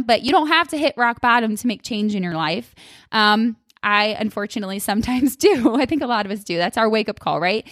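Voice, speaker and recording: A woman's voice: mid-range voice, a bit bright, no room sound, clean studio sound. A woman hosting a solo podcast, talking candidly and expressively to her listeners and acting out her own past thoughts. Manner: calls listeners "you guys", curses casually. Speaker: podcast host. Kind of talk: casual solo podcast talk.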